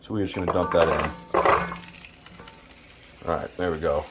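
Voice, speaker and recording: Low-voiced man cooking over a sizzling pan. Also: fairly even intonation, normal speed. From Louisiana, USA. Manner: laid-back, profane, joking asides. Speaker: home cook. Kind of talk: casual cooking tutorial. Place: home kitchen. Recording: noisy kitchen with frying sizzle. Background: food sizzling in a pan.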